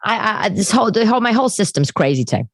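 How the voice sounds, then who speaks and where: A woman's voice: mid-range voice, big pitch swings, rapid-fire, no echo. A middle-aged woman, hosting a podcast in rambling, chatty, self-deprecating solo talk. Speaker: podcast host. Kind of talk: casual solo chat. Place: living room.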